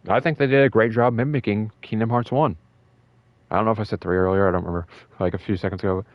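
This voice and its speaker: A young man talking in a casual, rambling way about a fighting game, emotional and excited, with many fillers and restarts. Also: fairly low pitch, fast talker, no echo, highs cut off. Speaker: gaming video host.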